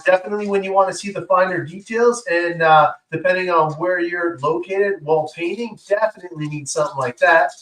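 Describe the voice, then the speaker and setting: A man's voice: high-pitched, brisk, hardly any pauses, fairly bright tone. Chatty man demoing in an echoey room. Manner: chatty, enthusiastic, lots of fillers. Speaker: co-host. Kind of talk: casual show-and-tell demo. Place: indoor workshop room. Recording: roomy echo, far from mic.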